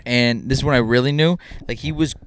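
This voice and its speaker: A young man co-hosting a podcast, telling a funny story in an animated way and acting out the people in it. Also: mid-range voice, brisk, slight background noise. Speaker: podcast co-host. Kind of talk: casual chat, storytelling.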